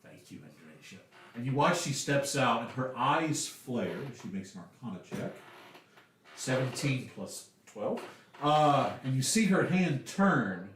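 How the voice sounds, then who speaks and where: A man's voice: mid-range voice, lively intonation, measured pace, a little hiss or hum. A man with a Southern American accent narrating as game master, casual and chatty with many fillers. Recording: echoey room, distant mic.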